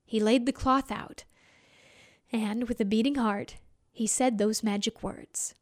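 A woman telling a folk tale expressively, voicing sound effects and dropping to hushed whispers. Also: a little high, fairly even intonation, measured pace. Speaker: storyteller.

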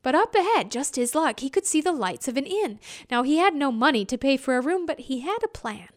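Expressive high-voiced woman storyteller. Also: a little fast. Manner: expressive, with voiced sound effects and hushed whispers. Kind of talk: storytelling, folk tale.

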